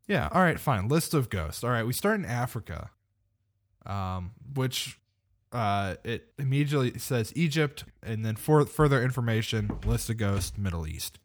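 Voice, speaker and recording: A man's voice: medium pitch, big pitch swings, normal speed. A man co-hosting a podcast in casual chat, rambling and hesitant, laughing often. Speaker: podcast co-host.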